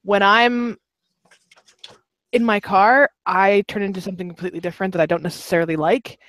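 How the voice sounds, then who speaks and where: A woman's voice: mid-range voice, fairly even intonation, brisk, fairly bright tone, no room sound. A woman co-hosting a casual podcast chat, telling stories candidly with frequent restarts and laughs. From Canada. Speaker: podcast co-host, motorcycle rider.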